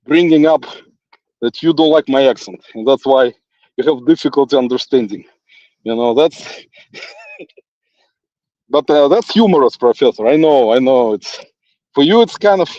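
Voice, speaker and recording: A man's voice: on the high side, darkish tone, dry recording. A man with a non-native English accent talks in a rambling, teasing monologue while walking outdoors, often chuckling and addressing an absent critic. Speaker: livestream host. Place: outdoors in a forest. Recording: dull, lo-fi phone sound.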